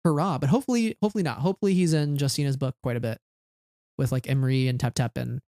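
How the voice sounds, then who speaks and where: A podcast co-host rambling through a book discussion, leaning on "like" and restarting sentences. The voice is smooth and resonant, recorded dry with little room sound. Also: medium pitch, fast, dark tone, dry recording. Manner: rambling, heavy use of "like" and restarts.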